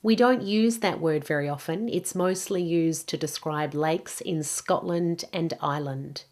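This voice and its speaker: A woman teaching English pronunciation, saying each word slowly and carefully for learners to repeat. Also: sits low, a little mellow. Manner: slow, careful modelling of words. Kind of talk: pronunciation lesson.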